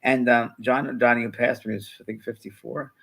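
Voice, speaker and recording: This sixty-something medium co-hosts a live spiritual program, spinning casual anecdotes and performing other people's lines. His medium-pitched voice is steady, gravelly and slightly rough, fairly bright, and moves along fairly quickly.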